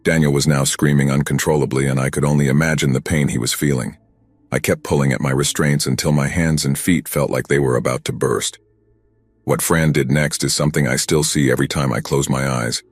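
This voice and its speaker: A man narrating a first-person horror story in a steady, grim, scripted telling. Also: rumbling low, brisk, slightly rough, no room sound.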